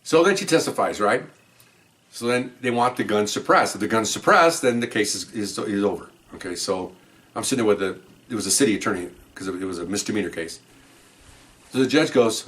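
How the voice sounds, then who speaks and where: A man who served as a police officer tells a story in an animated, rambling way, with asides and quoted voices. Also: on the low side, a little fast. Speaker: police officer telling stories. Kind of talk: storytelling podcast.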